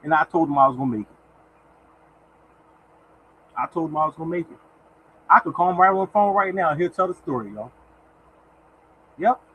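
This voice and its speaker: A man's voice: fairly high pitch, lively intonation, fairly quick, long pauses, narrow, tinny audio, a little hiss or hum. A man hosting a casual livestream, talking in a repetitive, exhortative way and turning now and then to thank viewers in the chat by name. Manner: repetitive and exhortative, keeps addressing listeners as y'all. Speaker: livestream host giving lottery picks. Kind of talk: casual motivational livestream talk.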